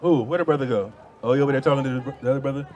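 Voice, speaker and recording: A man's voice: mid-range voice, racing, a little mellow, dull audio. A man preaching outdoors on a city street through a handheld microphone, arguing in a heated debate, dismissive and repeating himself.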